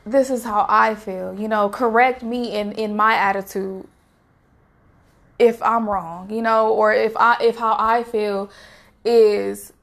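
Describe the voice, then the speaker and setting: A woman's voice: medium pitch, steady tone, slow pace, gravelly, a bit bright. A woman giving a casual devotional talk, earnest and exhorting like a preacher. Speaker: faith vlogger sharing a devotional message.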